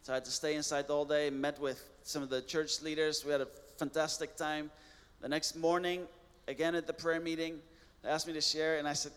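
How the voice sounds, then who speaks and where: An earnest man tells his testimony as a missionary guest, his slightly high voice ringing with a long hall reverb. He talks plainly and restarts words now and then. The tone stays sincere throughout. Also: little pitch movement, fairly quick, clean tone. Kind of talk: personal testimony storytelling.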